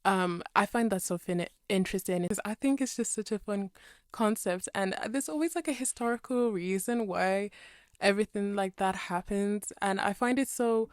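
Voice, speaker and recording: A woman's voice: medium pitch, normal speed, dry recording, clean studio sound. A woman in her twenties from the Birmingham area, speaking British English with a slight American twang, chatting and rambling over a game voice-over. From Birmingham area, England. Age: 20s. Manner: chatty, rambling, self-correcting, laughs often. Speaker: Sims speed-build creator. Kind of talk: casual voice-over chat.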